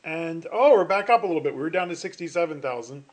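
A high-voiced middle-aged man lectures to an online class through his computer mic. He talks chattily and rambles, trailing off into fillers and restarting his sentences. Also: expressive, fast talker. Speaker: finance professor. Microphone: computer mic on a video call.

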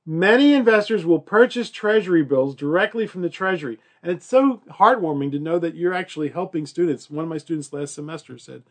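A man's voice: a little high, lively intonation, a little fast, few pauses. A male college instructor giving a recorded lecture in a chatty, joking way, with many fillers and acted-out quotes.

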